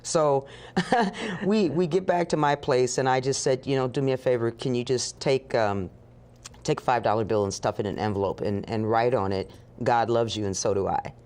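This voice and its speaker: A woman telling a story as an interview guest, animated and acting out the voices of the people in it. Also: very deep voice, normal speed. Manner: animated, acts out dialogue with laughs.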